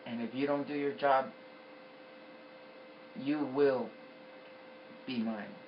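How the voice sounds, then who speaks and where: A man voicing a mocking, menacing male devil, taunting in a low, cold tone. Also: fairly even intonation, slow, far from the mic, lo-fi sound, slight background noise, lightly acted.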